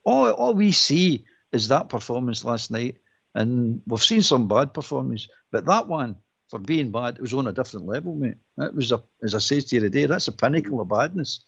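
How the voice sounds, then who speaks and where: A man's voice: mid-range voice, normal speed, creaky, slightly rough, dull audio. A Scottish man ranting as a caller on a football phone-in, acting out what players say. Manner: animated, ranting, acts out quotes.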